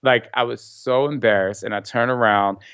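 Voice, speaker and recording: A man guesting on a podcast, telling stories in a lively way and laughing often. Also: mid-range voice, moderate pace, clean tone, no room sound, studio quality. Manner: animated storyteller, laughs often. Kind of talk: casual interview chat.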